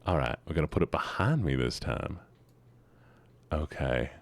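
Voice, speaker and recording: Animated and dry-recorded, this man talks at a normal speed while livestreaming, chatting playfully with viewers and often joking at his own expense. His playful, self-mocking manner comes with sudden jumps in pitch.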